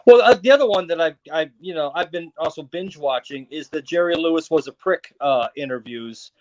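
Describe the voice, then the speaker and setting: A male comedian in casual chat, blunt and quick to laugh. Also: on the high side, a little mellow, muffled recording. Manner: laughs easily, blunt opinions. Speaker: comedian guest.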